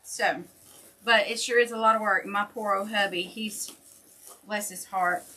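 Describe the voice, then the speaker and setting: An older woman hosts a livestream from her shop, chatting folksily with viewers while she makes wreaths. She has a medium-pitched voice with a sharp tone and fairly even intonation, and she speaks at a measured pace.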